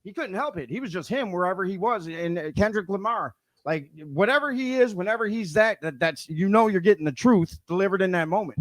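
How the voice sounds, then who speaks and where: High-pitched dude talking blunt, cursing casually. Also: male voice, animated, brisk, few pauses. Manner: blunt, swears freely. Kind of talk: casual chat.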